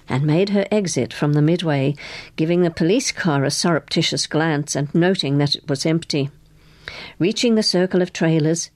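A woman narrating a novel in an expressive way, giving each character a voice. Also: low-pitched, no room sound. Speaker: audiobook narrator. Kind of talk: scripted narration.

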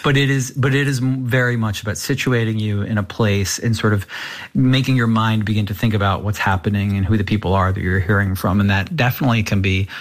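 A man's voice: on the low side, steady tone, quick pace. A man appearing as a journalist guest on a radio talk show, answering thoughtfully and often restarting his sentences.

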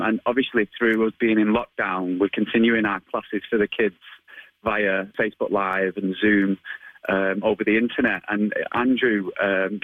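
Brief: Manchester-accented man, thirties, fairly low voice, chatty and halting, dry close sound. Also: no room sound, narrow, tinny audio. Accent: Manchester area English. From England. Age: 30s. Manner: chatty, hesitant with many ums, laughs often. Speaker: guest, martial arts instructor. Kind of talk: radio interview answers.

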